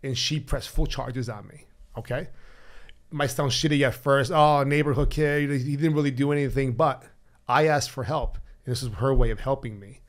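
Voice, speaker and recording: A man's voice: medium pitch, steady tone, moderate pace. A man guest on a podcast telling his own story bluntly and animatedly, swearing freely and acting out remembered dialogue. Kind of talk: candid personal storytelling.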